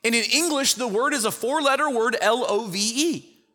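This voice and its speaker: A man teaching a Bible study in a conversational way, telling the story with lively acted-out quotes. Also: very high-pitched, moderate pace, long reverb tail. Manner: animated storyteller who acts out the quotes.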